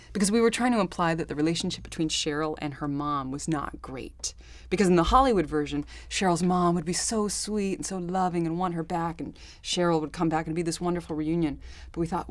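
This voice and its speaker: A woman actress telling behind-the-scenes stories in a chatty, animated interview, often laughing. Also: deep voice, no room sound. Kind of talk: casual interview anecdotes.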